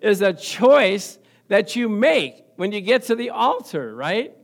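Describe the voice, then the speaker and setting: High-voiced pastor telling stories. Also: male voice, big pitch swings, slow, vocal fry. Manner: storytelling with call-and-response, laughing often. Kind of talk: sermon.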